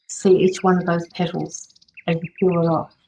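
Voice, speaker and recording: A woman reading tarot and passing on spirit messages to viewers on a livestream, gentle and reassuring, pausing often with fillers. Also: fairly low pitch, flat delivery, a little hiss or hum, rough recording. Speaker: tarot reader and medium.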